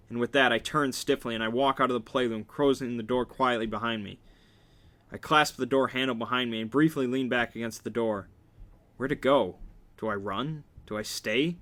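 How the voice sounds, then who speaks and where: Bright-voiced man reading a novel aloud. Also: medium pitch, moderate pace. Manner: wry reading with joking asides. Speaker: reader.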